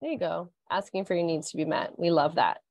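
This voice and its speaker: A woman's voice: fairly low pitch, a little fast, a little mellow, no echo. A woman co-hosting a podcast, reflective and earnest, affirming her co-host in casual chat.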